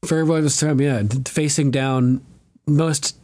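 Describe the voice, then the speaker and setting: A male podcast host recapping a TV episode in relaxed, casual chat. He is animated, laughs often and swears freely. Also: a little high, a little slow.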